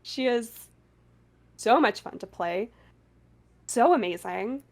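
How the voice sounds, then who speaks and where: A woman's voice: a little high, animated, slow pace, darkish tone. A woman voice actor in a casual panel interview, chatty and giggly, with lots of fillers, talking over a remote call.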